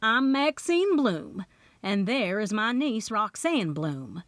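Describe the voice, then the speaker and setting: A woman's voice: fairly high pitch, big pitch swings, slow, dry recording. A woman playing a bossy aunt. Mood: sassy. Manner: drawling, bossy and gossipy. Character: brassy nosy older Southern aunt. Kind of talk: audiobook character voice.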